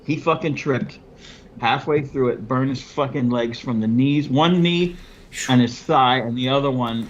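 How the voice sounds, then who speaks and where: A man's voice: mid-range voice, a little slow, highs cut off, slight background noise. Laid-back profane man telling stories. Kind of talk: casual chat.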